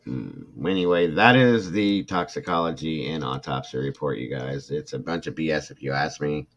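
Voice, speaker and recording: The sound is muffled, but his voice comes through extremely deep, a touch bright, with lively intonation and a moderate pace. He's a middle-aged man reading a report on his true crime livestream, reacting with emotional irritation and naming viewers in chat.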